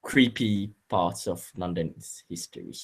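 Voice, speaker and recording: Halting male game master. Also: low voice, slightly rough. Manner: halting, full of fillers and restarts. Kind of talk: narrating a tabletop game.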